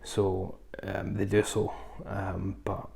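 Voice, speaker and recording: A man's voice: low voice, monotone, slow, gravelly, a little mellow, a little hiss or hum. A man reviewing films in a casual, rambling way, full of ums and asides. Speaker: film reviewer. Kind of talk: casual film review chat.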